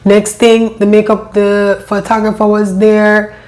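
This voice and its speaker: A woman with a lilt recounts her own life story in a steady, level voice that rarely rises or falls. She sounds emotional and halting, circling back to repeat her words as she talks. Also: medium pitch. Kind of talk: personal storytelling.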